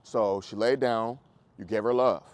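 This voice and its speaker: A man, a dog trainer coaching a group class in a casual way, animated and acting out dogs and owners, with casual swearing. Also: on the low side, a little slow, dry recording.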